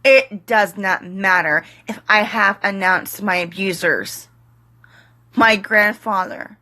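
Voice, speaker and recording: Slow, bright-voiced emotional woman vlogger. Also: mid-range voice. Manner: tearful, pleading and defiant; slow, halting delivery with short fragments. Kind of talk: emotional direct-to-camera monologue.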